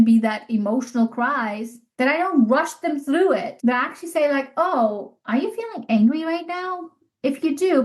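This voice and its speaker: Middle-aged lady podcaster, kinda high voice, earnest and heartfelt, repeats stuff for emphasis. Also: darkish tone, poor audio. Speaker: podcast host. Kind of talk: reflective solo podcast talk.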